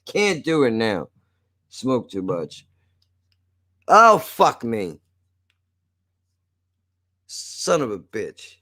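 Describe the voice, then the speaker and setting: A male streamer chatting casually into a desk microphone. He jokes and swears freely and often breaks into laughter. His pitch sits in the middle of the male range. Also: very animated, very slow, long pauses, bright, forceful tone. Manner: profane, joking, laughs often. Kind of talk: casual live-stream chat.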